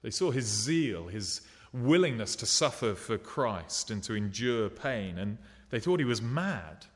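Male preacher, lowish voice, earnest and unhurried, long hall reverb. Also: big pitch swings. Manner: earnest, unhurried, paints vivid scenes, drops soft at tender moments. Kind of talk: sermon.

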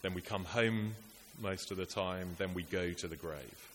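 The man's voice is low and his delivery a little slow as he preaches earnestly and rhetorically, using repetition and lists to build his points. An echoey hall and faint hiss mark the recording.

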